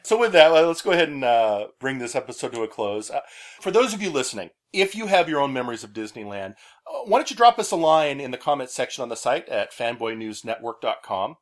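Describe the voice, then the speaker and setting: A man's voice: medium pitch, a little fast. A man hosting a podcast, telling stories casually with many fillers. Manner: animated storyteller, many "uh" fillers. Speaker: podcast host. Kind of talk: casual chat.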